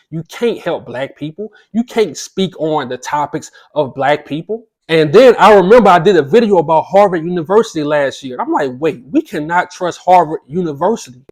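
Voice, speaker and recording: A man delivers fired-up commentary on his own channel. His voice sits on the higher side for a man, and he leans on rhetorical questions and repeats his points for emphasis. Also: a little mellow. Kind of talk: reading aloud then ranting commentary.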